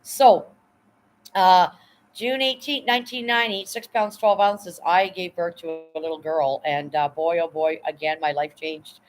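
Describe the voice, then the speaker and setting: Casting: woman, 50s, low voice, livestream host, blunt chatty storyteller who swears freely. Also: steady tone, measured pace, a little hiss or hum, rough recording. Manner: blunt, swears freely, many "right?" asides. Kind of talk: casual storytelling chat.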